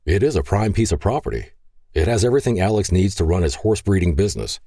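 A man's voice: low-pitched, lively intonation, fast, mellow, husky, dry recording. A man voicing a knowledgeable carriage driver who patiently explains the land. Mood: explaining.

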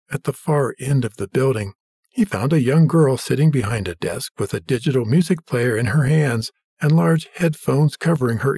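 A man narrates a story at an even, measured pace. His voice has a husky edge, and the recording is dry and close with no room sound. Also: medium pitch, no room sound. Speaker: audiobook narrator. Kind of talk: scripted narration.

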